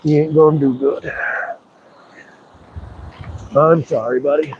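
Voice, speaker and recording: A man's voice: fairly high pitch, slow, phone-quality sound, a little hiss or hum. A man streaming live while fishing outdoors by a river, talking playfully to the fish as he reels it in. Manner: excited, playful, talks to the fish. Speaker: fishing livestreamer.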